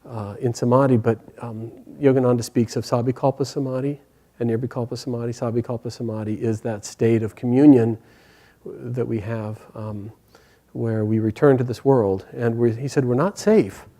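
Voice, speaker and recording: A man teaching a spiritual class, telling a story gently and hesitantly with many pauses and fillers. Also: mid-range voice, fairly even intonation.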